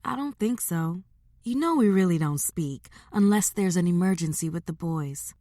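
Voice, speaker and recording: A woman voicing a young single mother who is guarded but lively with her family. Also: fairly low pitch, moderate pace, no echo, natural voice. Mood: plain.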